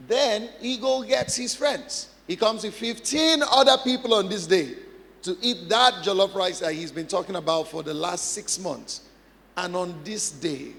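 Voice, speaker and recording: A man's voice: sits high, a bit bright, big-room sound, slight background noise. A man preaching a sermon as pastor, emphatic, repeating phrases and asking the congregation questions.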